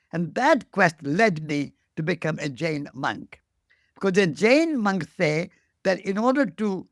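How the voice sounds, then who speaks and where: A man's voice: high-pitched, gravelly, a bit bright, no echo, clean studio sound. A man in his eighties from India with an Indian accent, telling his life story as an interview guest, earnest and repeating phrases for emphasis. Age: 80s.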